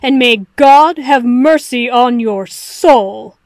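A woman's voice: fairly high pitch, moderate pace, a little mellow, dry recording, close to an everyday voice. Woman reading as a cutting, arrogant male detective. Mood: lecturing. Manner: crisp, lecturing, dismissive. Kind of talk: audiobook reading of fan fiction.

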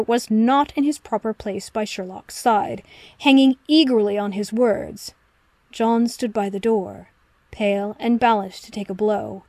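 A woman narrating a story in a steady, expressive reading. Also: a little high, no echo. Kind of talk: audiobook reading of fan fiction.

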